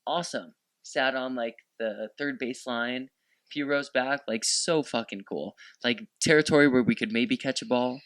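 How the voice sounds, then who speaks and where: A young man guesting on a podcast, his voice bright and forceful. He tells excitable stories and swears freely. The sound is dry and close. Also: medium pitch, moderate pace, no echo. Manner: excitable, profane storytelling. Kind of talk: casual chat.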